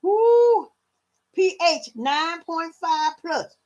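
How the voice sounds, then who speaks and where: Lively Southern woman in her fifties. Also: a little high, measured pace, slightly rough. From Louisiana. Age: 50s. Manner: animated, talks straight to viewers as "y'all". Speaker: livestream vlogger. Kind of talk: casual livestream chat. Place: at home.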